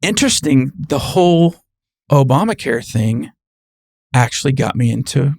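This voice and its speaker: A man's voice: mid-range voice, expressive, a little slow, vocal fry, a little mellow, no echo, clean studio sound. A man who works in medicine, speaking as a guest in an earnest, casual conversation and explaining things plainly.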